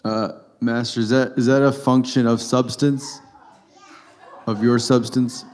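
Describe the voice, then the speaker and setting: Student guy asking a question, halting, stops and restarts, pretty flat voice. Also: medium pitch. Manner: hesitant, halting.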